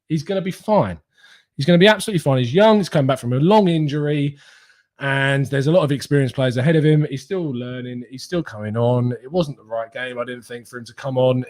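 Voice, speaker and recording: A young man, hosting a casual fan live stream, reading viewer comments and laughing often. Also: mid-range voice. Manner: chatty, laughs often, reads comments aloud. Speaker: fan channel host reading live chat.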